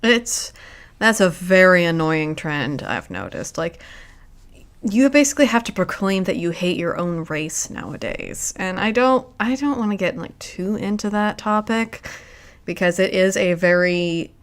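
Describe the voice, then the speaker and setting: A woman hosts her own stream in an unhurried, reflective chat. Her voice is clean and smooth, and her pace is slow. She often stops and restarts mid-thought. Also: fairly low pitch, animated. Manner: halting, reflective, with frequent restarts. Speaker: streamer host. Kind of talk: casual livestream chat.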